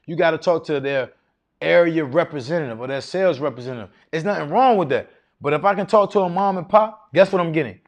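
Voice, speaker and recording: Confident man teaching a live seminar. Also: a little high. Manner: casual, confident, quizzes the audience with rhetorical questions. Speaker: seminar speaker teaching contracting. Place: live event room with an audience.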